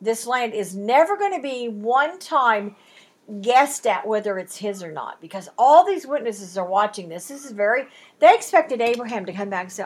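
Breathy, lively woman teaching Bible study. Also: a little high, normal speed. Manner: lively, acts out the haggling in quoted voices.

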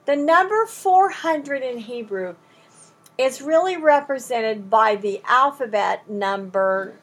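A woman teaching a Bible study in an animated way, acting out the bargaining in quoted voices. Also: a little high, slow, slightly rough. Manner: lively, acts out the haggling in quoted voices.

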